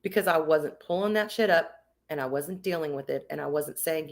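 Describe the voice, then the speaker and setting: A woman's voice: deep voice, brisk, vocal fry. A woman streamer chatting casually and reading out her viewers' comments, candid and emphatic, swearing freely. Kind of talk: casual livestream chat.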